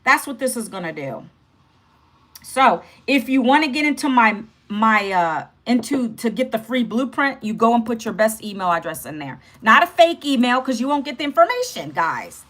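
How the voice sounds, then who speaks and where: A woman's voice: a little high, sing-song, moderate pace, fairly bright tone. A woman in her fifties talking casually to viewers on a livestream, direct and chatty, checking in with "okay" and "guys". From United States. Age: 50s. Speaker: livestream host.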